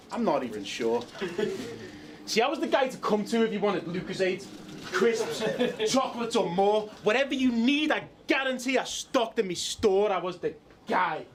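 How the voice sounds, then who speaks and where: A man performing a boastful battle rap verse with laughs between lines, from a noisy clip. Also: high voice. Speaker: battle rapper.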